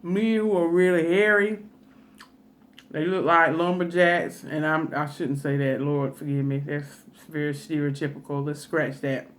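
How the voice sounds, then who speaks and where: A woman's voice: low voice, steady tone, unhurried. Chatty woman telling a story while eating. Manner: chatty, folksy, with laughing asides. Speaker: food vlogger.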